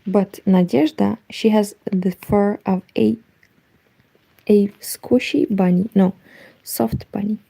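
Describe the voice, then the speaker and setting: Her voice almost gone, a Romanian-accented woman from Eastern Europe, Romanian by native tongue, talks quietly on her knitting livestream from home late at night and reads the chat out loud. She's mid-range and steady in tone, slow, creaky, with a breathy edge.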